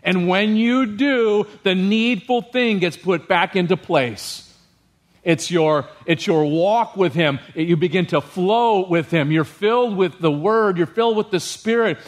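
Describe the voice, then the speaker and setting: Lively male pastor preaching. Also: high voice, unhurried. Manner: lively, humorous, keeps checking in with the congregation. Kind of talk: sermon.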